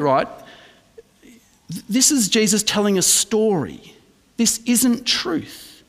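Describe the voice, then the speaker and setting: A man's voice: high-pitched, very animated, slow pace, gravelly, pauses often. Australian male pastor preaching in a hall. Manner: emphatic preaching, asks the congregation questions. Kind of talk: sermon.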